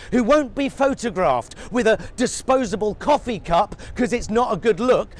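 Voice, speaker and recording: A man delivering a sarcastic, profane ranting monologue as a satirical commentator. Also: very high voice.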